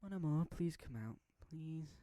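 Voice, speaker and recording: A man voicing a protective teenage schoolgirl, doting to her girlfriend and sharp with anyone who upsets her. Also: on the high side, expressive, fast, dry recording, studio quality, voice pushed up. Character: protective teenage schoolgirl, sweet but menacing.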